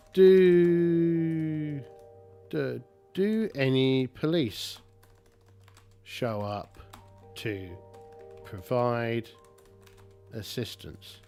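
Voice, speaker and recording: A man narrating a solo tabletop game, talking in a halting, rambling way with many restarts. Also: medium pitch.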